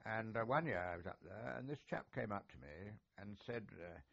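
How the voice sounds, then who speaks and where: A man's voice: fairly low pitch, expressive, normal speed, creaky, fairly bright tone. An older man, a retired army officer reminiscing in an oral history interview, chatty and genial with many filler sounds. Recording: dull lo-fi recording.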